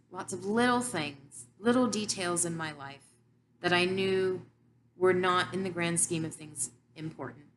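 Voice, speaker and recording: A woman giving an earnest, heartfelt Bible teaching about her own life, with frequent pauses. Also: fairly low pitch, slight background noise. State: tearful. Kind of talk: personal devotional teaching.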